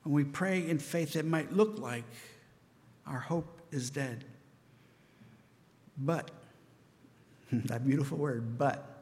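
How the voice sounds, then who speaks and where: A man's voice: medium pitch, darkish tone, in a large hall. A man preaching a sermon in an earnest, conversational way, often asking "right?" of his listeners. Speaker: pastor.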